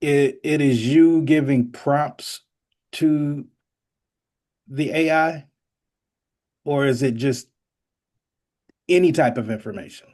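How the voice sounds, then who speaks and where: A man hosting a podcast in casual chat, telling stories in an animated way and joking dramatically. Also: fairly high pitch, slow pace, pauses often. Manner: animated storyteller, jokes dramatically. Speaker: podcast host.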